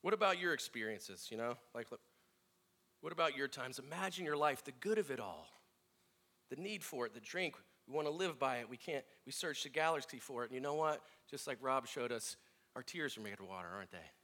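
A middle-aged man gives a reflective sermon built on personal family stories, speaking a little fast in a mid-range voice. He becomes animated when acting out the voices of the people he quotes.

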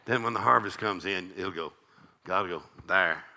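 Gravelly older preacher man. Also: low voice, brisk, bright, forceful tone. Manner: folksy, joking, call-and-response preaching. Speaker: pastor. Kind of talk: evening church sermon.

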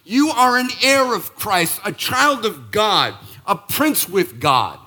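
A man in his sixties from Boston, preaching a sermon as pastor in an emphatic, punchy way that jumps up in pitch and volume. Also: sing-song, slow, hardly any pauses, bright, forceful tone. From Boston, Massachusetts. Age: 60s. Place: church sanctuary.

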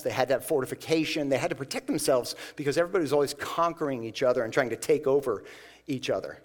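A man preaching a sermon in a conversational way, acting out the voices of the people in the passage. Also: a little high. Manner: conversational, acts out scripture voices. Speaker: pastor.

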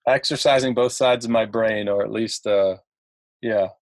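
A man's voice: lowish voice, fairly even intonation, normal speed, dry recording. Chatty man from Ohio telling stories. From Ohio, United States. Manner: chatty, laughs often, many fillers and restarts. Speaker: podcast guest. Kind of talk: casual storytelling.

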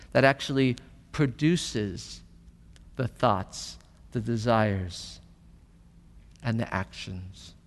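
A pastor preaching a sermon in a conversational way, asking rhetorical questions and building emphasis. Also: male voice, medium pitch. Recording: long hall reverb.

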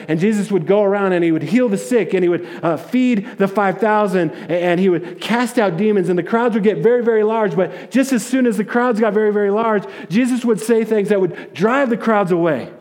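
A man preaching a sermon, retelling a story in a casual, animated way with jokes and acted-out quotes. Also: high voice, moderate pace, few pauses. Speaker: pastor.

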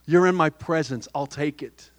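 Middle-aged male pastor, light higher voice, soft-spoken sermon storyteller, dry sound. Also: moderate pace, no echo. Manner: storytelling with humor and quoted dialogue.

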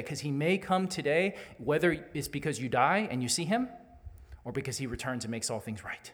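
A man preaches to his church in an earnest, candid sermon that climbs into urgent calls to the congregation. His voice sits a little high for a man. The sound carries a long, lingering reverb from the sanctuary. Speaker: pastor.

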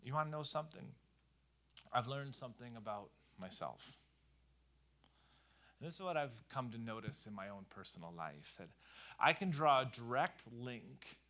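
A man preaching a conversational sermon in a lively, animated way, full of casual fillers. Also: mid-range voice. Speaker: pastor.

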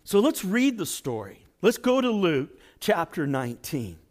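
A man preaching a sermon as pastor, dramatic, swinging from near-shouts to hushed asides. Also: high-pitched, very animated, unhurried.

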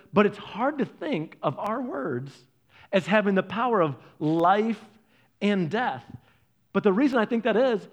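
A man preaching a sermon, telling family stories and acting out the voices of people in them. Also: high voice. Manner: animated storytelling, acts out family members' voices. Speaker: pastor.

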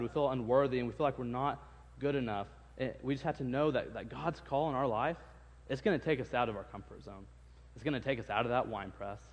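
A man delivers a relaxed, conversational sermon, retelling a Bible story with stammered restarts and playful dialogue. His voice sits at an ordinary middle pitch. A long reverb trails every phrase, as if he speaks in a large hall. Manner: conversational, repeats words, acts out quotes. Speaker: preacher. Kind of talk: casual sermon.

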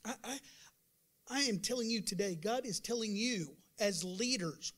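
A male pastor preaching a sermon to his congregation, emphatic with sudden loud bursts, chatty, calling out to the room. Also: high-pitched, normal speed. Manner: conversational, acts out doubters' voices.

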